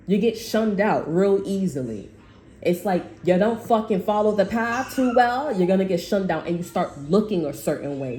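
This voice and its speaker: A woman tarot reader rambles through a casual spiritual monologue, blunt and quick to swear. Her voice sits a little low. She sounds like she is in an echoey room with a faint hum behind her. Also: warm tone.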